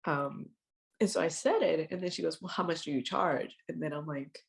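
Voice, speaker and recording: A woman's voice: low voice, gravelly. A woman co-hosting a podcast, chatting casually and stopping often to restart her sentences. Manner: halting, many restarts. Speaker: podcast co-host. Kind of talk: casual chat.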